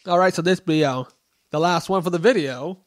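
A man's voice: on the high side, a little fast. A young man giving casual, jokey commentary while playing a video game, grunting and yelping when hit and talking back at the enemies. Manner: goofy, grunting and yelping at hits; jokey self-talk to the enemies. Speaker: let's play gamer.

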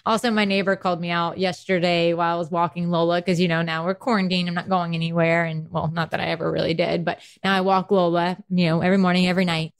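A woman's voice: fairly low pitch, fast, few pauses, clear, resonant tone. A woman from South Carolina with a South Carolina accent, co-hosting a dental hygiene podcast in chatty, laughing conversation. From South Carolina, USA. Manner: chatty, laughing, animated storyteller. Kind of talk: casual chat.

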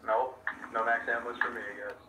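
A man's voice: medium pitch, flat delivery, a little fast, reverberant, far from the mic, noisy background. A man bantering with a friend over a video game, giving dry, stubborn comebacks. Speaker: gamer playing with a friend. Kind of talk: casual gaming banter.

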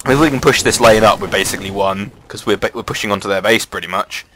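A man giving casual, excitable commentary over a replay of his own online match, swearing freely and jumping up in pitch at the big plays. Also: fast talker, slight background noise, rough recording.

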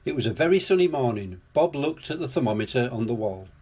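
An older man reading a children's storybook aloud in a gentle, lively storytelling manner. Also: mid-range voice, fast, husky.

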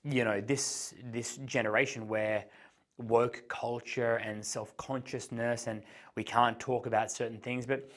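A man giving an instructional talk as a dating coach, explaining step by step and changing his pace and pitch to act out examples. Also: steady tone, unhurried, fairly bright tone.

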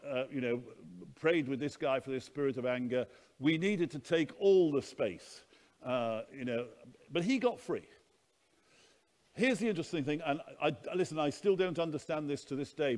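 A man's voice: mid-range voice, a little mellow. A man preaching at a conference, telling stories in an earnest, anecdotal teaching manner. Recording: long hall reverb.

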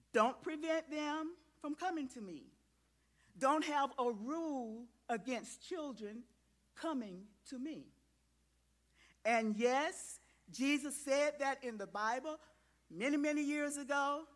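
A woman with a fairly high voice leads a children's sermon in a church. She talks in an animated, coaxing way, drawing the children and grown-ups into the lesson. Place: church sanctuary.

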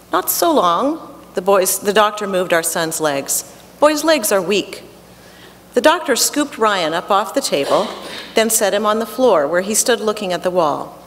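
A middle-aged woman reading her own personal story aloud on a theatre stage in a measured, earnest way. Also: fairly low pitch. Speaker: reader of a personal essay. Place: theatre stage before an audience. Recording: theatre hall reverb with faint noise.

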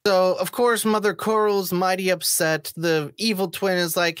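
A reviewer talks through an episode in a casual vlog style, sarcastic and mocking, with the odd swear word. The voice sits in a middle pitch. The sound is dry, with no room echo. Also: little pitch movement, normal speed.

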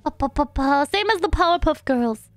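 A woman's voice: high-pitched, lively intonation, normal speed, dry recording. A young woman live-streaming a game, talking playfully and sympathetically to her chat. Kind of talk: casual live-stream chat while gaming. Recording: dry close mic, faint background music.

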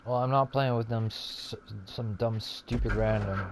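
A man's voice: mid-range voice, fairly even intonation, measured pace, noisy background. A man ranting with constant swearing while commentating his gameplay. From Canada. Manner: profane, exasperated ranting. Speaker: gaming streamer. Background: video game music.

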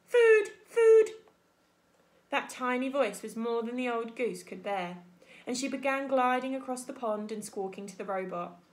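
A woman teacher reading a children's book aloud in an expressive storytelling manner. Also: fairly high pitch, normal speed. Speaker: primary school teacher.

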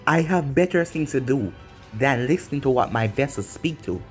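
An ancient male sand demon speaks with slow, booming arrogance, his voice lurching over a wide pitch range. A man puts him on for a fan-made story reading. Faint music plays underneath. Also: expressive, close to an everyday voice. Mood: wary.

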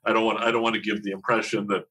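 A man's voice: on the low side, little pitch movement, racing, pushed and bright, slightly rough, poor audio. A man in his fifties, a TV writer talking candidly as a podcast guest, self-deprecating and rambling with many restarts. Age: 50s. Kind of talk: candid conversational interview.

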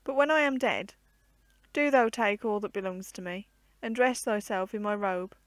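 A woman's voice: mid-range voice, normal speed, no echo, lightly acted. A woman voicing an aged, lonely, poor male hermit who clings to life, in solemn old-fashioned storybook speech. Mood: remorseful.

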